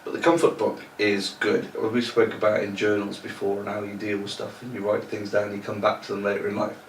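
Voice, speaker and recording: A man's voice: lowish voice, monotone, fairly quick. Bunged-up man in echoey room. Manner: laid-back, laughs easily, reads passages aloud. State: bunged up with a cold. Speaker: podcast co-host. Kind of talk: casual chat. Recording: echoey room, distant mic, faint noise.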